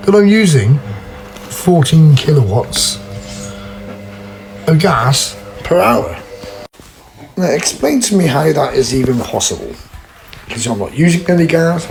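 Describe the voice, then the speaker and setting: A plain-spoken man vents his exasperation at home, talking straight to camera. Clear background noise hums under his voice throughout. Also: on the high side, a little mellow, poor audio. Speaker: vlogger. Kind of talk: casual complaint vlog.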